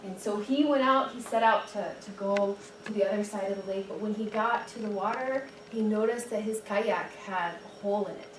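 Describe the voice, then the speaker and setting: A young woman giving a chatty, animated storytelling talk at a dinner event, full of "like"s and restarts. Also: mid-range voice, normal speed, few pauses. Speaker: guest speaker and storyteller. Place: dinner event room, indoors. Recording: echoey room, distant mic, background noise.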